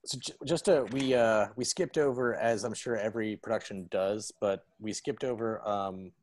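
A man's voice: fairly low pitch, normal speed. A man co-hosting a podcast in casual chat, rambling with many "like"s and frequent laughter. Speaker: podcast co-host.

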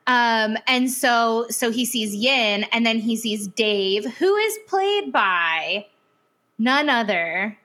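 Woman podcast co-host, fairly high, bright voice; animated, chatty, laughs a lot. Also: slow. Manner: animated, chatty, laughs often, many fillers. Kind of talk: casual chat recapping a TV series.

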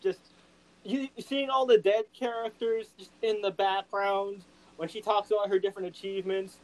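In a low-quality recording, a podcast co-host with a high voice speaks at a moderate pace. He chats casually and emotionally, animated and gushing as he sings and acts out quotes.

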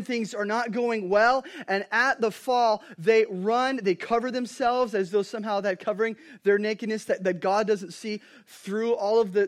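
Preacher, male, 30s, high-pitched, energetic sermon delivery with big dynamic swings. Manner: animated storytelling, swings from hushed to loud. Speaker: pastor.

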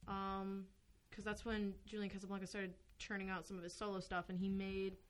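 A woman's voice: medium pitch, completely flat delivery, brisk. Rambling young woman chatting casually. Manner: rambling, lots of "like" fillers. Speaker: podcast co-host. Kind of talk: casual chat about music.

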